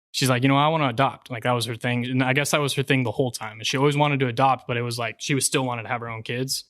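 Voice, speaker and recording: Chill young dude on a podcast, slangy story, lots of likes, dry close mic. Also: male voice, medium pitch, fairly bright tone, clear, resonant tone, no echo. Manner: laid-back, slangy, lots of fillers. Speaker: podcast co-host. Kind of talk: casual storytelling.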